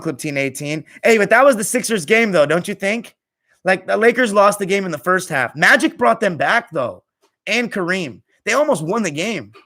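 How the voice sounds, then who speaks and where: Reading chat comments on his live stream, a young American man sounds tired and casual, letting each phrase trail off softly. His voice is high-pitched.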